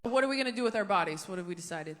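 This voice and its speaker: A woman's voice: medium pitch, lively intonation, rapid-fire, loud music behind the voice. A young woman, a stand-up comedian, bantering with the audience in a sarcastic, brash manner on a handheld mic. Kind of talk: stand-up set with crowd work. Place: comedy stage before a live audience. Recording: live show with loud crowd laughter.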